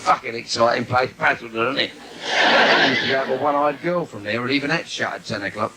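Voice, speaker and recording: Brash London stand-up comic. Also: male voice, medium pitch, a little fast, creaky. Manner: brash, cheeky patter with audience asides. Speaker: stand-up comedian. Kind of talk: live bawdy stand-up routine. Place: theatre stage before a live audience. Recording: noisy live theatre recording.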